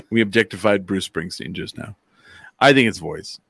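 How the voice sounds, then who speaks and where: A man's voice: unhurried, vocal fry, slightly rough, no echo. A man hosting a casual chat and quiz, joking and swearing freely. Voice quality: joking, swears freely, animated swings in pitch. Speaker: podcast host.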